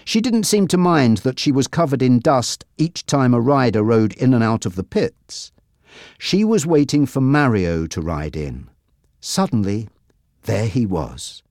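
Measured storybook narrator, very lively pitch. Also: no echo, clean studio sound. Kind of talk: graded-reader audiobook narration.

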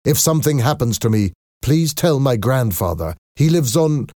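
A man's voice: lowish voice, sing-song, moderate pace, darkish tone, breathy edge, no room sound, clean studio sound. A man voicing a defiant young rebel student.

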